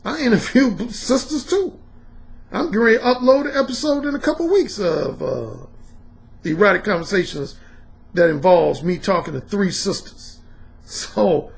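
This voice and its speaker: A man in his fifties holding forth in a podcast monologue, blunt and profane, pressing his points hard. His voice sits high for a man and swings up and down freely, with a gravelly edge. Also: fairly bright tone. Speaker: dating coach and podcast host. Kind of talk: storytelling video podcast monologue.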